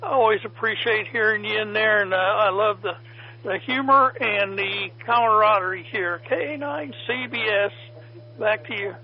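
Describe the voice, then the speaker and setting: A man's voice: sits high, moderate pace, a little hiss or hum. A man from south central Illinois checking into a radio net, rambling in a friendly way with many fillers. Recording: dull lo-fi radio audio.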